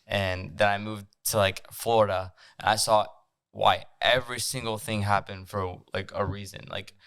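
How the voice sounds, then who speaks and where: Earnest young man, low smooth voice. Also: fairly even intonation, moderate pace, fairly bright tone, no room sound. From France. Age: young adult. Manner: earnest, uses "like" a lot. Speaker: podcast host. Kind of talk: casual chat.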